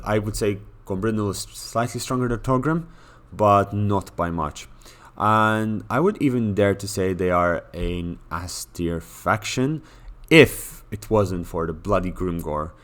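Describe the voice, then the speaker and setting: A man with a very low voice runs through a video game ranking in a loose, offhand way. He is blunt and jokey, and he trips over his words with fillers and restarts as he goes. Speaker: gaming commentator. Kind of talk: casual game tier-list commentary.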